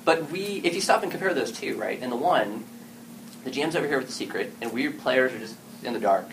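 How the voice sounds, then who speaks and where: A man's voice: mid-range voice, animated, a little fast. A man giving a casual talk to an audience at an event about story games, speaking animatedly and acting out what players and game masters say. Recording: distant mic with clear background noise.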